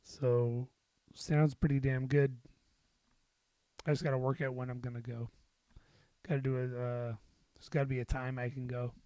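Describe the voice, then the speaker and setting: A man's voice: mid-range voice, little pitch movement, normal speed, pauses often, warm tone, no echo. A middle-aged man hosting a casual solo podcast, rambling and self-deprecating with lots of fillers and the odd swear word. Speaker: podcast host.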